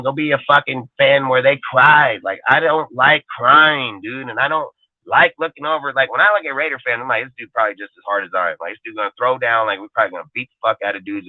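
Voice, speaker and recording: Brief: young male host, cursing, swaggering rant, bright-ish voice, dry and phone-thin. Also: fairly high pitch, dry recording. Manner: heated, profane, swaggering rant. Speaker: show host. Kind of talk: profane call-in show rant. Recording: tinny phone-line sound.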